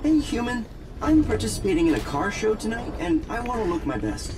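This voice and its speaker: A man's voice: high voice, big pitch swings, fairly quick, background noise. An actor voicing a friendly, easygoing male robot customer in a video game. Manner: laid-back, easygoing. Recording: game music behind. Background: music.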